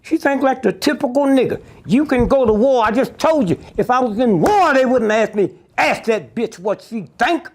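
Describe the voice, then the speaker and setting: A man's voice: very high voice, animated, moderate pace, few pauses. An older man, telling stories bluntly and profanely in an interview, keeps asking "Huh?". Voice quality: gravelly and husky.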